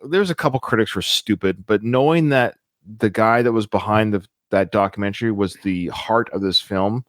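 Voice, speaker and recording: A man's voice: lowish voice, normal speed, dry recording. Enthusiastic male podcast host, dry sound. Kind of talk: casual podcast film discussion.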